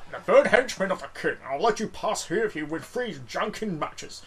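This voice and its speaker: A man doing Stonehead, husky Connery-style henchman. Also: high voice, lively intonation, normal speed, voice pushed up. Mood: stern. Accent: Scottish, Sean Connery impression. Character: gruff male henchman guarding a path.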